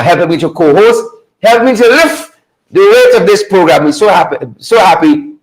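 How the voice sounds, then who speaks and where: A man hosting a live stream, greeting viewers by name and repeating his phrases with high energy. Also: low-quality recording. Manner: repetitive, hypes viewers with shout-outs.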